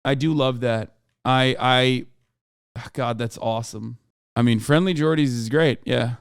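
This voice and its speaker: A man in his thirties hosting a live-stream, reacting to news clips in a loose, profane, excitable way with laughing asides. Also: medium pitch, unhurried, gravelly, smooth, dry recording, studio quality.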